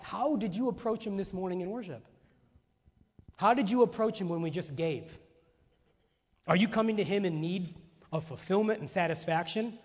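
A man preaching a sermon to his church, animated, acting out voices and firing off rhetorical questions. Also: a little high, breathy edge. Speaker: pastor. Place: church sanctuary. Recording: muffled sound in a reverberant hall.

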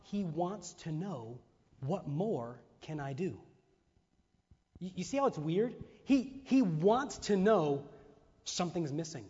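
A man preaching a sermon to his church, animated, acting out voices and firing off rhetorical questions. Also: on the high side, slow pace, husky. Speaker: pastor. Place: church sanctuary. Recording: muffled sound in a reverberant hall.

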